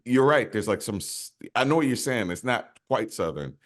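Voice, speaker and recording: A male podcast co-host in casual chat, musing slowly with a slight stutter and a habit of saying "man.". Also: mid-range voice, expressive, a bit bright. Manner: musing, slow, repeats "man".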